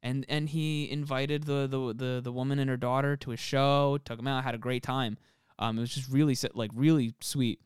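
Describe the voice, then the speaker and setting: A young man rambles through casual podcast chat, stacking fillers and swearing freely. His voice is smooth and resonant, recorded close and dry. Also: mid-range voice, little pitch movement, moderate pace, no echo. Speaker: podcast co-host.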